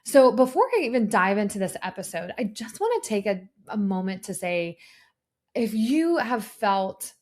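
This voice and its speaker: A woman in her thirties talks alone into a podcast mic, sharing personal stories in an earnest, unscripted way. Her voice sits at an ordinary middle pitch, and she often pauses on fillers and restarts her sentences as she explains health topics. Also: very animated, darkish tone. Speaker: podcast host and nurse practitioner. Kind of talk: solo podcast talk.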